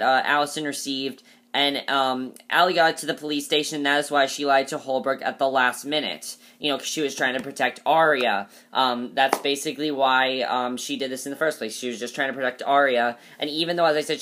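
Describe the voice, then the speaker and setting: Chatty man recapping a TV episode. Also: mid-range voice. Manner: chatty, many fillers and restarts; excited, emphatic opinions. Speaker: TV episode reviewer.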